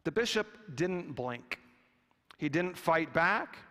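A man preaching a sermon with a slow, deliberate delivery and long pauses. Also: on the high side, lively intonation, sharp tone. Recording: long reverb of a church hall.

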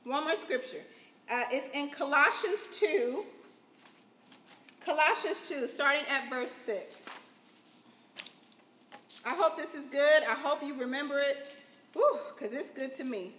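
A woman preacher giving an emotional sermon testimony, rising loud and high at key points. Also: a little slow, long pauses. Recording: echoey hall.

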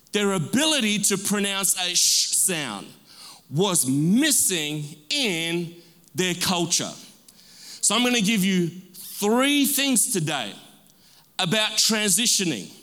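A man's voice: sits high, bright, forceful tone. A man preaching a sermon as pastor, calling for amens and stretching out key words for emphasis. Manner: call-and-response preaching, drawn-out emphatic words. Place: church sanctuary. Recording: long reverb of a large hall.

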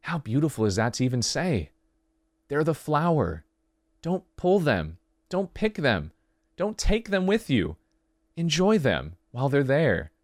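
Earnest man with a lively voice. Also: a little high, unhurried, no room sound, clean studio sound. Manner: earnest, emphatic, rhetorical questions. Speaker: podcast host. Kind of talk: heartfelt monologue.

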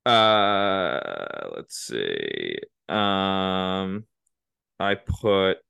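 A man's voice: deep voice, sing-song, drawn-out words, gravelly, a bit bright, smooth, no echo. A man co-hosting a casual movie podcast, rambling through the plot with many restarts and fillers. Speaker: podcast co-host.

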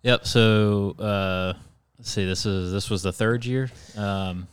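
A man speaks in a very deep, steady voice that barely rises or falls, telling stories on a fishing podcast between plenty of "uh"s. His voice comes through smooth and resonant. The sound is dry and close. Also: takes it slowly. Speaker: charter boat captain, podcast guest. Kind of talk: casual podcast chat.

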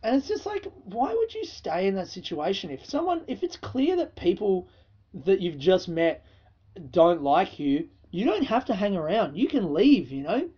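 An Australian man hosts a solo podcast and tells stories in a loose, profane, casual way, laughing as he goes. His voice sits a little high. The sound is slightly dull and lo-fi. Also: big pitch swings, normal speed, slightly rough. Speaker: podcast host.

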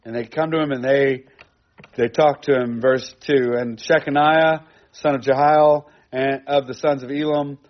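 A man's voice: medium pitch, steady tone, a little slow, highs cut off. A man teaching a sermon in a conversational way, repeating phrases for emphasis. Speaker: pastor. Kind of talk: expository sermon.

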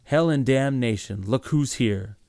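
A man voicing a big, hot-tempered, hungover farmer who shouts and sneers gruffly in a storybook reading. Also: medium pitch, measured pace, no echo, clean studio sound. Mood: angry.

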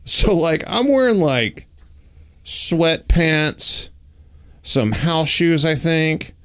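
A man's voice: very slow, clean tone. A man telling a personal story in casual chat, acting out the dialogue and talking with lots of fillers. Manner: animated, acts out dialogue with raised pitch; uses many fillers like "like" and "you know".

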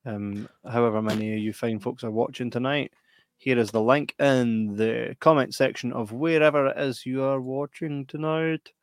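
A middle-aged Scottish man chatting on a podcast, telling stories and laughing often. His voice has an ordinary, middling pitch for a man. It is recorded close and dry, with no room sound. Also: fairly even intonation, normal speed, dry recording. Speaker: podcast co-host. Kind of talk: casual chat.

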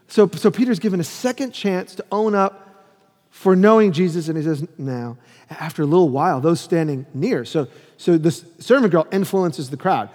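High-voiced preaching man in a reverberant hall. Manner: animated preaching, acts out quoted lines. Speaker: pastor. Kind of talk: sermon.

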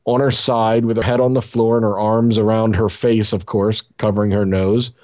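A man's voice: on the low side, little pitch movement, moderate pace, darkish tone, muffled recording. A man co-hosting a casual comedy podcast, reading a news story aloud with jokes and put-on voices for the quotes.

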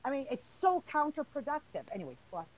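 A woman's voice: sits high, very animated, fast talker, highs cut off. A woman hosting a casual podcast, answering questions bluntly with lots of energy and laughter. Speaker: podcast host.

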